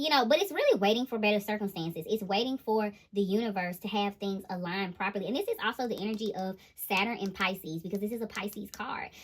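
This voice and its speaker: A woman giving a casual, animated tarot reading to camera, often giggling and laughing. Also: a little high. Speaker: tarot reader.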